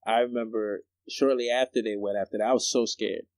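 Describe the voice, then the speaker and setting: A young man co-hosting a podcast, telling stories in a slangy, animated way and laughing often. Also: lowish voice, brisk, dry recording. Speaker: podcast co-host. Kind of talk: casual chat.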